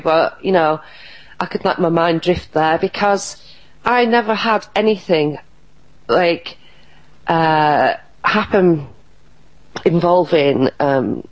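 A woman's voice: fairly low pitch, rough recording. A woman talking earnestly and emphatically as an interview guest, often restarting her sentences. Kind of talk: casual interview talk.

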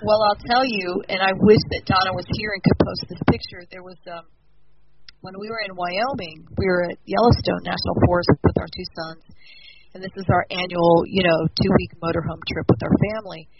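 A woman in her fifties talks in a soft, wandering voice, looping back over her words as she tells a story. The recording sounds dull and muffled. A steady hiss of noise runs underneath her. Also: on the low side, a little fast. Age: 50s. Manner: meandering, repetitive, soft-spoken. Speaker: guest. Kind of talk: casual spiritual storytelling.

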